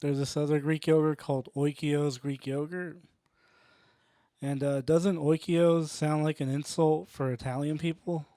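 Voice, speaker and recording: A young man doing stand-up in a slow, drowsy way. His voice sits a little high, and the sound is dry and close. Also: level tone, dark tone, dry recording. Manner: sleepy, drowsy-sounding delivery. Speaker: stand-up comedian. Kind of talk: stand-up set. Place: comedy club stage.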